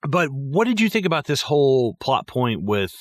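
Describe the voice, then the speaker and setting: In a casual movie-review chat, this co-host rambles profanely about a film, packing his talk with fillers. He speaks at normal speed with medium pitch and big pitch swings, and the studio recording is clean with no echo.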